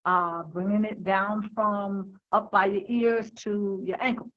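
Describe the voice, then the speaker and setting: A woman's voice: mid-range voice, steady tone, slow, highs cut off. A woman giving an unscripted talk on handling fear, hesitant and full of fillers and restarts, heard over an online call. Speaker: speaker on overcoming fear.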